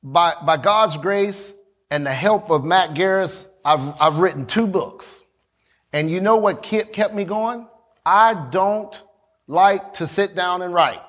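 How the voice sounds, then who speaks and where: A man preaching a sermon, acting out quoted lines and calling out to the congregation. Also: sits high. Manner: preaching, rising to shouts, with quick asides to the congregation. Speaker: pastor.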